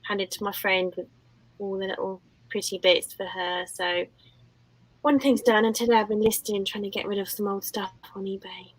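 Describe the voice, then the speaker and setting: A woman guest talking casually on a live-stream creator panel. She is chatty and friendly, with a mid-pitched voice. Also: fairly even intonation, moderate pace, no echo, poor audio.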